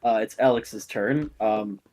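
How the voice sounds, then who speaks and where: A man's voice: lowish voice, measured pace, darkish tone. A man narrating a tabletop game as game master, casual and full of "uh"s. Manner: casual, many fillers.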